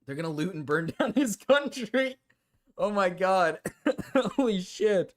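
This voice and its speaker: A man's voice: high-pitched, expressive, measured pace. A man streaming, giving casual reaction commentary, laughing often, swearing and repeating himself.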